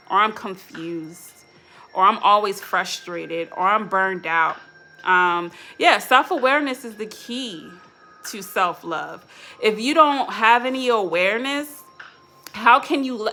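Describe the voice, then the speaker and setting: A woman's voice: on the high side, bright, forceful tone. A woman hosting a live self-love talk, earnest and repetitive, often checking in with "right?". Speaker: self-love channel host.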